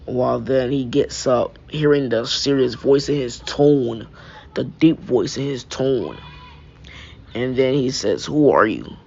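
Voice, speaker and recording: A man's voice: mid-range voice, fairly even intonation, slow, gravelly, dark tone. A young man improvising a fan-fiction story, rambling with frequent restarts and filler phrases. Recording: dull lo-fi mic.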